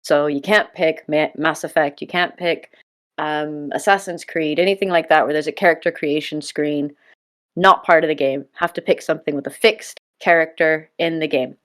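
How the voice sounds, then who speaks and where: A woman hosting a gaming podcast in casual chat, her voice sitting a little low. She jokes, swears freely and laughs often as she leads the talk. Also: fairly even intonation, moderate pace, a bit bright. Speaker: podcast host.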